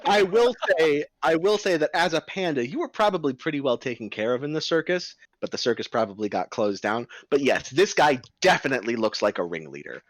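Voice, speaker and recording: Game master narrator, casual and rambling, animated delivery, dry sound. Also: male voice, medium pitch, fairly quick, hardly any pauses, dry recording, rough recording.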